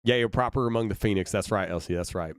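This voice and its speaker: A man's voice: fairly low pitch, quick pace, no room sound, clean studio sound. A man from Brooklyn, a band musician, chatting casually with viewers on a livestream, laughing often. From Brooklyn, New York. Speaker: band musician streaming reactions.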